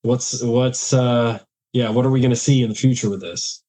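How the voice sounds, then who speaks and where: A male podcast host with a warm, mellow voice asks long, wandering questions. He hesitates and restarts often, then cheers his guest on with quick affirmations. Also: mid-range voice, fairly even intonation. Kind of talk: casual interview chat.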